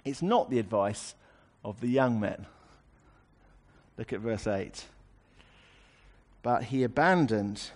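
A man's voice: mid-range voice, a little mellow. A man preaching a sermon, explaining a scripture passage in a conversational way with wry asides.

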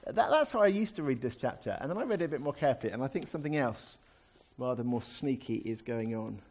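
An animated preacher delivers a Bible exposition in a conversational way. He acts out scripture as he reads it, in a voice of ordinary middle pitch. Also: fast. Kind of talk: expository sermon.

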